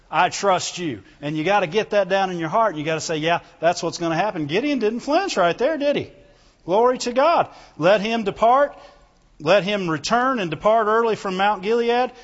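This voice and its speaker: A male preacher giving a fervent sermon to a congregation, calling out for amens and reading scripture in old biblical wording. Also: sits high. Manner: fervent, calls out for amens and glory to God. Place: church hall before a congregation. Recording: echoey hall, dull lo-fi sound.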